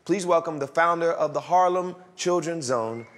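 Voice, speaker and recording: A man's voice: on the high side, normal speed, a bit bright, a little hiss or hum. A man hosting, introducing the next speaker with admiring words. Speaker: host.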